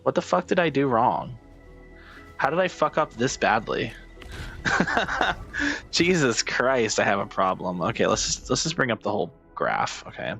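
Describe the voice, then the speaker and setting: A man's voice: medium pitch, animated, normal speed, creaky, a bit bright, faint music behind. A man giving casual gameplay commentary, muttering, swearing and calling himself an idiot as he works. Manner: self-deprecating, swearing, frustrated muttering. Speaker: gaming streamer.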